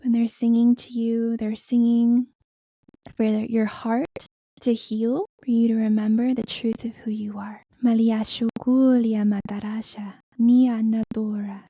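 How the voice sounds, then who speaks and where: A woman guiding a meditation in a soft, slow, soothing way. She drops into whispers and chants in an invented light language. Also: a little high, creaky, dry recording, low-quality recording. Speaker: guest spiritual healer. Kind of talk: guided meditation.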